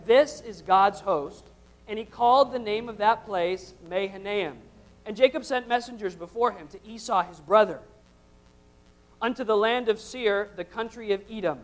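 Man preaching and reading scripture aloud. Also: sits high. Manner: reads scripture in King James style, then preaches with rising intensity. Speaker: pastor. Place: church service before a congregation.

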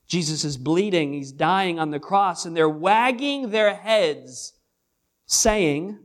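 Male pastor preaching, fairly high voice, hushed then loud, drawn-out stress. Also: expressive. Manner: swings between hushed and loud, drawn-out emphasis. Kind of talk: sermon.

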